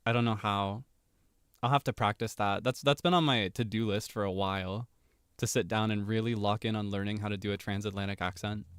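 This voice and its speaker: A man streaming, chatting casually from home in an animated, playful way with frequent laughter. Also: lowish voice, brisk, smooth, no echo, studio quality. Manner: animated and playful, laughs often, jumps between topics. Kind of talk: casual livestream chat.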